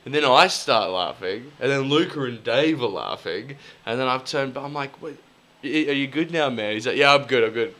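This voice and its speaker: A man's voice: mid-range voice, normal speed. A man, co-hosting a podcast and telling rambling, sweary stories in casual chat. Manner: storytelling, swearing, animated impressions. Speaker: podcast co-host.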